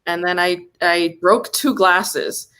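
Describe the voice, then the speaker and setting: A young woman telling a comic story in a casual, exasperated rant, swearing and jumping up in pitch when indignant. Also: fairly even intonation, slow, a bit bright, slight background noise. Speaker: comedy podcast host.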